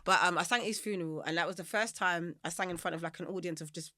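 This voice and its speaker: Fast-talking, bright London woman. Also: lowish voice, no echo, studio quality. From Germany and South London. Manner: rambling, animated, quick to laugh. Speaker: singer-songwriter guest. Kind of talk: candid interview storytelling.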